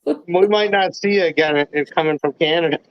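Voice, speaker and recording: A man's voice: on the high side, fairly quick, dry recording. A man from the Chicago area calling in over a video call, telling stories animatedly and acting out the dialogue. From United States, Chicago area. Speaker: guest caller. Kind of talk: casual storytelling chat. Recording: dull lo-fi call audio, dry.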